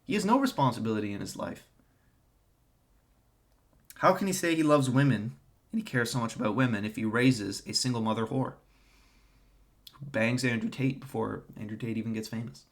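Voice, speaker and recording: A man's voice: medium pitch, normal speed, long pauses. A young man talking to camera in an opinionated monologue, with a ranting, sarcastic and contemptuous tone. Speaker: online commentator.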